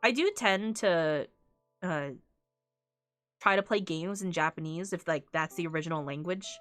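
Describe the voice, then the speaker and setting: A woman's voice: fairly low pitch, moderate pace, fairly bright tone, no echo, clean studio sound, faint music behind. A woman streamer in a casual, rambling chat, often breaking into laughter.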